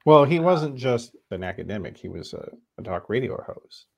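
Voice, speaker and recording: A man's voice: medium pitch, very animated, moderate pace, vocal fry, a little mellow. A man hosting a podcast interview, talking through ideas in a conversational, thinking-aloud way. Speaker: podcast host.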